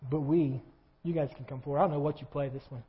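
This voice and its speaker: A husky-voiced male pastor preaching a sermon in a church, swinging between quiet reflection and loud fervent passages. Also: a little high, fairly even intonation, fast talker, dull audio. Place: church sanctuary.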